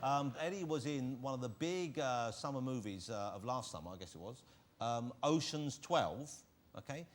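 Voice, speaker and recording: A man hosting a talk show, teasing and bantering with his guest. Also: mid-range voice. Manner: quick, teasing and animated.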